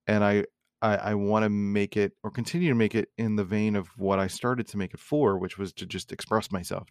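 A man hosting his own podcast, talking in a rambling, reflective way with many fillers and restarts, in a low morning voice. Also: vocal fry, clean tone, no room sound, clean studio sound. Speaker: podcast host. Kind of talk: casual solo podcast monologue.

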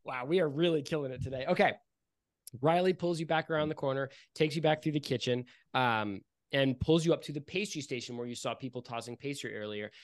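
A man's voice: mid-range voice, brisk, no room sound, clean studio sound. A man narrating as game master, rambling and repeating himself with lots of "like". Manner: rambling, repeats words, many "like"s.

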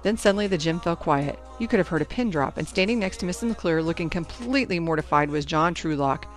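A woman reading a first-person teen novel aloud in a lively storytelling manner. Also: on the low side, fast talker, soft background music. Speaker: audiobook narrator.

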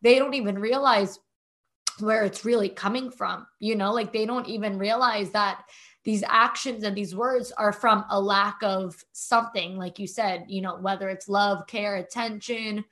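A woman's voice: medium pitch, fairly even intonation, normal speed, a bit bright. A young woman hosting a podcast, talking openly in a rambling way, restarting her sentences and often saying "like.". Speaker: podcast host. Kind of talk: emotional interview conversation.

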